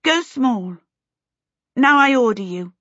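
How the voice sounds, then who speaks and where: Brief: bossy teen witch girl, high and sharp, storybook reading, played by a woman. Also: lively intonation, slow, no room sound, heavily acted. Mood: commanding. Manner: sharp and exasperated. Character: impatient, bossy teenage girl apprentice witch. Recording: dry, slightly dull recording.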